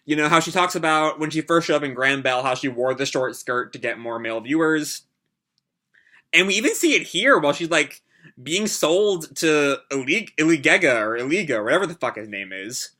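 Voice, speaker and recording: A man hosting a manga reaction, reading chapters aloud and pausing to comment with hesitant, reflective asides. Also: a little high, animated, pushed and bright. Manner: hesitant, lots of fillers and restarts, reflective.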